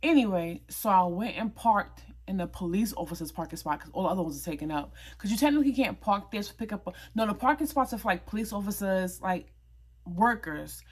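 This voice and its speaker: A woman's voice: medium pitch, a little fast, breathy edge. A young woman, retelling a personal story in a casual, emphatic vlog style. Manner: animated, emphatic retelling with quoted dialogue. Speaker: vlogger.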